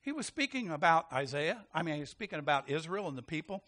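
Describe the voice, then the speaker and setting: Man, pastor, sermon, high voice, very lively pitch, animated, calls out to the congregation. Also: fast talker.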